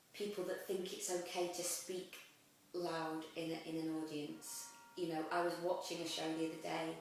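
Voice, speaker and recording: A young actress chatting in an interview, lively, with frequent laughs and "um" fillers. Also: female voice, lowish voice, slight background noise. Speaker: actress guest. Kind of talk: casual interview chat. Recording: echoey room, mic at a distance.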